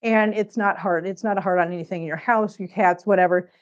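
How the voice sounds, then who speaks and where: A woman's voice: fairly low pitch, steady tone, brisk, muffled recording. A woman chatting casually on a cat-care livestream, rambling and answering viewers while she cleans, a little out of breath. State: a bit out of breath. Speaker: cat channel vlogger.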